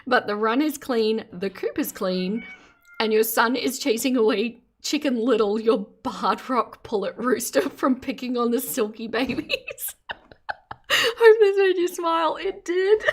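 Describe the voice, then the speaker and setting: A woman hosting a casual livestream, reacting to clips and chatting with her viewers in a giggly, rambling way as she reads their comments aloud. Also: fairly high pitch. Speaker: streamer host.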